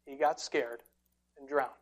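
A woman preaching a sermon, telling the story dramatically and swinging between loud, forceful lines and hushed ones. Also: a bass voice, steady tone, measured pace.

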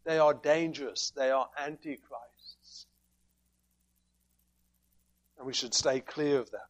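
A man's voice: mid-range voice, fairly even intonation, normal speed. A man preaching a sermon, emphatic and fond of rhetorical questions as he works through scripture.

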